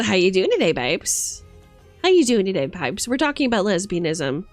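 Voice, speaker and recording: A woman's voice: medium pitch, sing-song, normal speed, no room sound, soft background music. A woman live-streaming in a bard persona, chatting playfully and teasing her viewers. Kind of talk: casual live-stream chat.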